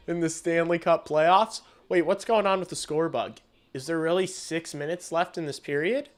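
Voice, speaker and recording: A man streaming a hockey game and calling the play-by-play, excitable and swearing casually, shouting on big plays. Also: fairly high pitch, moderate pace. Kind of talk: live watch-along hockey commentary.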